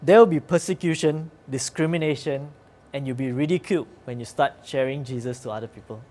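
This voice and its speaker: A man's voice: mid-range voice, brisk, a little mellow. A man preaching a sermon in an earnest, conversational way, with occasional fillers.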